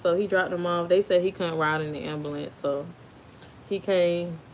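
A woman's voice: lowish voice, fairly even intonation, moderate pace, slight background noise. A young woman with an African American Vernacular English accent, telling a birth story in a chatty way and laughing often. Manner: chatty, laughs often, talks to kids off camera. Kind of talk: casual storytime.

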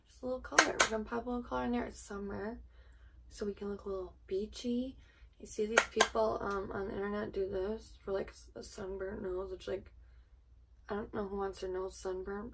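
Chatty woman with a gravelly edge. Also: medium pitch, background noise. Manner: chatty, rambling, self-deprecating asides. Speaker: makeup vlogger. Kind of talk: casual makeup tutorial chat. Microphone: camera on a tripod.

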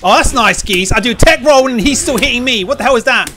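A man streaming a fighting game, chatting casually and yelling and swearing at the game as he plays. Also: very high-pitched, fast talker, music in the background. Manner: excitable, yells and swears at the game.

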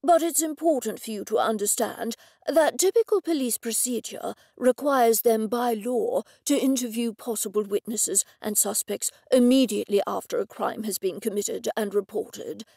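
A woman voicing a formal, precise gentleman who speaks in a measured, lecturing way. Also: on the high side, creaky, breathy edge, no echo, clean studio sound.

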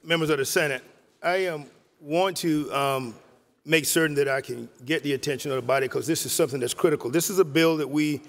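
A man addressing a legislative chamber as a senator in a slightly high voice. He speaks haltingly, full of fillers and restarts, and the long reverb of the hall trails behind his words. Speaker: state senator. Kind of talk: floor speech.

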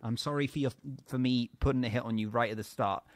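A man chatting over a game, hesitant and deadpan in his joking. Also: mid-range voice, fast, no echo, clean studio sound. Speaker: guest player. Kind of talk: casual gaming chat.

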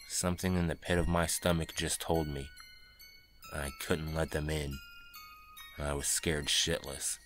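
A man's voice: rumbling low, a bit bright. A man narrating a scary first-person story in a tense, dramatic way. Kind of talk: scripted horror narration.

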